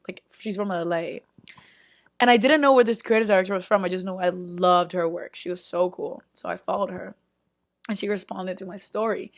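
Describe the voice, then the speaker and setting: A young woman vlogging, casually telling a story with many "like"s and sudden loud bursts of disbelief. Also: medium pitch. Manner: frequent filler "like" and restarts, chatty.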